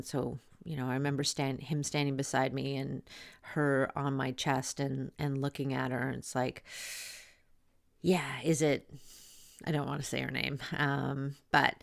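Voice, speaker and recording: A woman's voice: a bass voice, vocal fry, dry recording, clean studio sound. A woman in her thirties, a doula hosting a podcast, telling her own birth story in a candid, chatty and blunt way. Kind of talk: casual personal storytelling.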